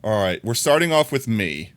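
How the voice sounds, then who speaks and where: Giggly, animated male streamer. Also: normal speed. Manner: giggly, laughs often and breaks into high squeals; playful and teasing. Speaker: live streamer. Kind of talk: casual live-stream chat with viewers.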